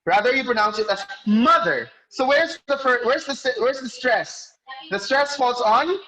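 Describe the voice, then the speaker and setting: The audio is low quality as a male teacher, his voice very high and sharp, lectures an online class over video call. He takes explanations slowly, quizzes students by name, and revises his sentences as he goes.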